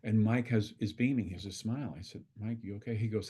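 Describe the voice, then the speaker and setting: A man, a constellation facilitator, telling a story in a relaxed, conversational way and acting out the dialogue. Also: on the low side, fast talker, husky. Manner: conversational, acts out dialogue with swearing quotes. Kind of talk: storytelling in an online talk.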